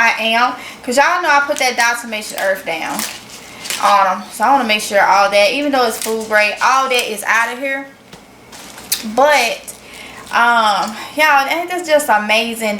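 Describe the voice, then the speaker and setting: Southern woman vlogger with a Mississippi accent, higher voice, unhurried folksy chat, echoey room. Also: pushed and bright, slight background noise. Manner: chatty, folksy, addresses viewers as y'all. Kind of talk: casual cooking vlog.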